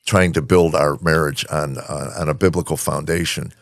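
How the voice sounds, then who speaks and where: A man hosting a podcast in casual chat, halting, with many fillers and restarts. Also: very deep voice, steady tone, no room sound, clean studio sound. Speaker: podcast host.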